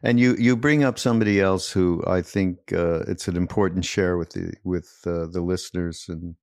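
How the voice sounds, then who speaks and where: A man hosting a reflective podcast interview, speaking haltingly with many fillers. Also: low voice, fairly even intonation, a little mellow, no echo, clean studio sound. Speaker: podcast host.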